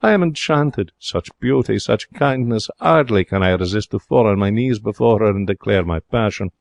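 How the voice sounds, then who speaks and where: An actor playing an excitable young Frenchman in a radio drama, speaking broken English in a French accent with theatrical, emotional delivery. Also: lowish voice, normal speed, vocal fry, no echo. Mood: wistful. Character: young excitable romantic Frenchman, former hotel cashier. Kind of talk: 1940s radio drama narration.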